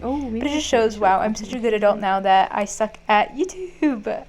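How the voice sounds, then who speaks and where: A woman's voice: medium pitch, a little fast, hardly any pauses, faint music behind. A young adult woman vlogging in a casual, chatty way, dramatically complaining and using lots of "like" fillers. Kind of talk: casual vlog chat.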